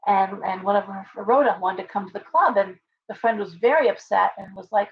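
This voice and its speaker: A woman with a mid-range voice talks briskly with few pauses, and the audio is lo-fi. She's a tarot reader hosting a casual livestream, earnestly rambling with lots of fillers and restarts as she reads viewer comments aloud.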